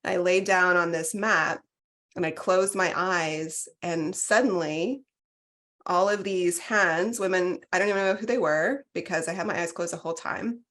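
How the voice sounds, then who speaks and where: A woman's voice: lowish voice, moderate pace, a bit bright. A woman in her forties, a podcast guest, telling a candid personal story in an effusive, chatty way. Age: 40s. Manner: chatty and effusive, heavy on "like" and "you guys". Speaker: retreat participant, podcast guest.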